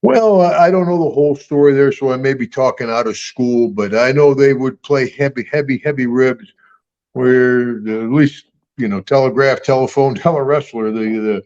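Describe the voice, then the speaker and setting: A man's voice: medium pitch, normal speed, darkish tone. Older guy rambling thru old stories, laughing a lot, a bit dull lo-fi sound. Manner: rambling, chuckling, folksy storyteller. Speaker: guest and star of the show. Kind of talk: casual storytelling interview.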